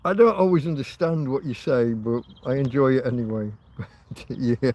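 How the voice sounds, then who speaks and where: A man's voice: medium pitch, unhurried, a little mellow. A man hosting a casual livestream, rambling, laughing often and swearing. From Britain. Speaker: livestream host.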